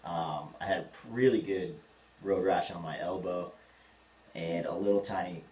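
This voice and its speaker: A man's voice: deep voice, unhurried. A man in his thirties co-hosting a podcast, telling rambling stories and acting out the voices in them. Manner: rambling, animated storyteller acting out quotes. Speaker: podcast co-host. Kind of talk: casual storytelling chat. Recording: echoey room, voice a bit far from the mic, faint ambient noise.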